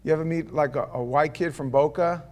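A man preaching a sermon to a congregation, telling stories and then reading scripture aloud, swinging between loud declaiming and hushed asides. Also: fairly high pitch, fairly quick. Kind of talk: sermon with personal storytelling. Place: church before a live congregation.

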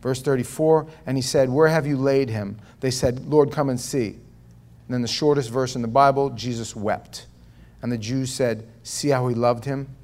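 A pastor leads a Bible study with a folksy, conversational sermon, reading scripture aloud and commenting along the way. His medium-pitched voice moves at a moderate pace, swinging from quiet asides to loud, emphatic, animated stretches of reading.

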